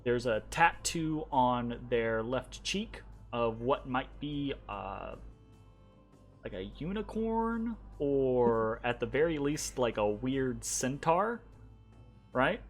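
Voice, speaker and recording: A game master with a medium-pitched voice narrates a tabletop game in an unhurried, hesitant way, using fillers and making asides to the players.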